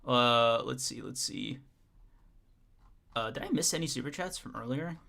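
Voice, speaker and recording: A man's voice: mid-range voice, animated, moderate pace, creaky, bright, forceful tone. A young man co-hosting a podcast livestream, chatting casually with his audience, joking, laughing a lot and restarting his sentences. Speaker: podcast co-host.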